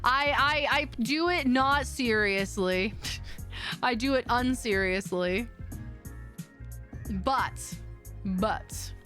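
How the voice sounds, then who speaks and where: A woman's voice: fairly high pitch, slow pace, sharp tone, faint music behind. A woman streamer chatting casually with her viewers in a rambling, giggly way. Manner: rambling, chatty, giggly, reading chat aloud. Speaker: VTuber streamer. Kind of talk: casual chat stream wrap-up.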